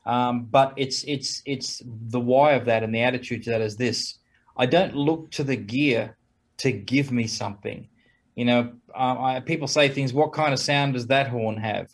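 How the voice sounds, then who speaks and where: A man's voice: mid-range voice, moderate pace. A man who plays trumpet, talking casually as an interview guest, chuckling between points and acting out quoted exchanges in a raised voice.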